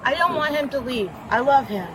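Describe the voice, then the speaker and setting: A woman's voice: sits high, expressive, rough recording. A woman outdoors giving an agitated, repetitive, profane account of a domestic dispute to a deputy. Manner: agitated, repetitive, profane, rushing over interruptions. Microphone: officer's body camera. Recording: body camera audio with outdoor noise.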